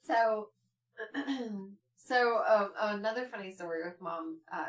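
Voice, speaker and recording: A woman's voice: takes it slowly, recorded from a distance. A woman co-hosting a podcast, telling family stories in casual chat and laughing as she goes. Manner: laughs through her stories, shifts into shrill excited quotes. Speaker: podcast co-host.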